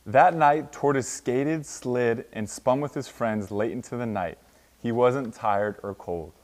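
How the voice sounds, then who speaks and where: A man's voice: medium pitch, takes it slowly, darkish tone. A young man in his twenties, a college football player, reading a children's picture book aloud with sound effects. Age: 20s. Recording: long hall reverb.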